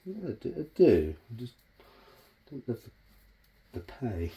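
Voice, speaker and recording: A man's voice: mid-range voice, sing-song, takes it slowly, pauses often, warm tone. A man vlogging as he works on a bonsai, chatting casually, bantering with himself and swearing freely. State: out of breath. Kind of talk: casual self-talk while working.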